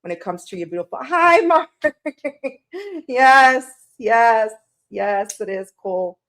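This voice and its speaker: A woman with a slightly high voice talks casually to her livestream viewers from her room at home. She is tearful and emotional, and she greets people in the chat by name as she gets ready to read tarot. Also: animated, takes it slowly, a bit bright.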